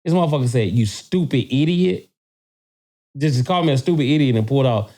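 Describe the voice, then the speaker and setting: A man telling a story in a casual podcast chat, animated and profane, often repeating words as he gets worked up. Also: medium pitch, very fast.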